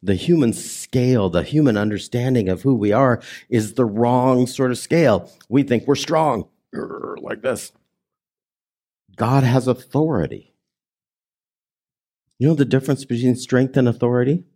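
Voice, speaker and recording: A man preaching a sermon as pastor, conversational and emphatic, swinging between raised and hushed delivery and drawing the congregation in with questions. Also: medium pitch, moderate pace. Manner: conversational preaching with audience prompts.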